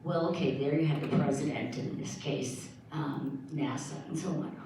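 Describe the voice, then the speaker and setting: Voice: mid-range voice, steady tone, normal speed, noisy background. An audience member asking a question in a conversational, musing way during a lecture Q&A. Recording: echoey hall, voice from far off.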